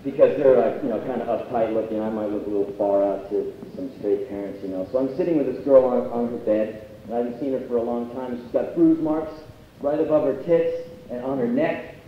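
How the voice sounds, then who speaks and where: A man's voice: medium pitch, a little fast, a little hiss or hum. Blunt foul-mouthed guy storytelling on stage, super echoey hall, far from the mic. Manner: blunt, profane, conversational. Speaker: spoken word performer. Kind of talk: live spoken word storytelling. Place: university union hall, live stage. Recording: distant echoey hall, dull live tape.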